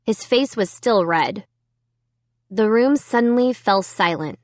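Slow, deliberate woman storyteller. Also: medium pitch, no echo. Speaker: audiobook narrator. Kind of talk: first-person storybook narration.

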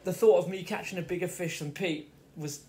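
A man's voice: high voice, fairly even intonation, brisk, mellow, slight background noise. A middle-aged man from the Fens, telling a rambling childhood story in his kitchen. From the Fens, England. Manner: rambling, self-interrupting storyteller. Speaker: vlogger. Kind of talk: casual storytelling vlog. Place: home kitchen. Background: faint radio music.

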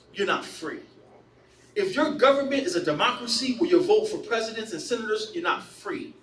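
High-pitched guy running a bible study, lots of repeats, echoey room, mic far off. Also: a little hiss or hum. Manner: animated, storytelling, repeats himself. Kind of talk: casual Bible study teaching.

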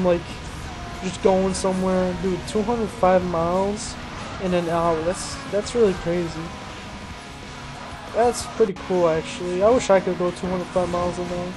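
The high-sitting voice of a young man rambles through casual let's-play commentary on a racing game, joking about himself and exclaiming excitedly at the action. Game music and car engine sounds play underneath, and the recording is rough.

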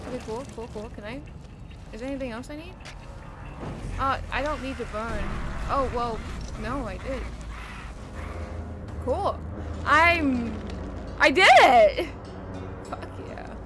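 Brief: woman streamer, high voice, swears a lot, panicky shouting, loud noisy background. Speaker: gaming streamer. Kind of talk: casual horror game commentary.

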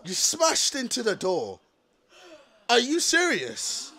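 A young man commentating live gameplay, loud and panicky, swearing and yelling as he plays. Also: extremely high pitch, wildly swooping pitch, slow. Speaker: gaming video host.

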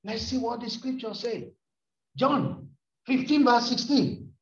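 A man preaching a sermon to a congregation in a church hall, impassioned and often shouting as he calls on the listeners. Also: extremely high pitch, slow pace. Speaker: pastor. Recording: echoey hall, distant mic, muffled sound.

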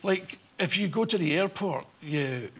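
A Scottish man in his sixties, a talk show guest telling comic stories in an animated way and acting out the voices. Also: high-pitched, measured pace, breathy edge. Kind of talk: anecdotal storytelling on a chat show.

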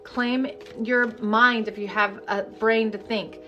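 A woman with a fairly high voice leads a live-streamed healing session. She talks frankly and casually, then slows into repeated, chant-like affirmations. Soft music plays faintly behind her. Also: steady tone, lo-fi sound. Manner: candid, chatty and profane, then slow incantatory guidance. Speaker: energy healing coach.

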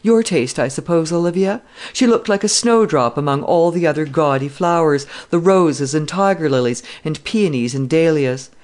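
A woman's voice: low voice, normal speed, darkish tone, lightly acted. A woman reading the part of a cheerful, chatty young army captain in a classic novel. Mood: breezy. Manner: breezy, chatty.

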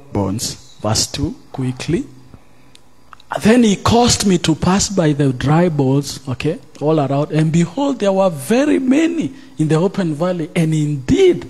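A man preaching as pastor at a church service, reading scripture aloud, questioning the congregation and rising into loud, drawn-out emphasis. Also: fairly high pitch, husky. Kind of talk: sermon.

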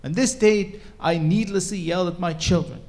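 A man voicing a humble old shoemaker who loudly and solemnly lists sins to God, in a told story. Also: sits high, moderate pace, pitched above the performer's own voice. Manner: loud, declaiming, solemn listing.

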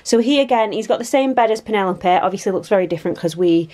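A woman's voice: medium pitch, animated, quick pace, a little mellow. A woman, chatting casually and rambling while filming her home on a handheld phone. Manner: chatty, rambling, self-deprecating. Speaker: vlogger. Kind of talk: casual home vlog chat. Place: family home, indoors.

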